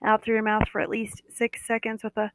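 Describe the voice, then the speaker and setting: A woman's voice: a little high, completely flat delivery, fairly quick, no room sound, rough recording. A woman who leads a guided body-awareness meditation live, talking in a soothing, coaxing way and often repeating "that's right.".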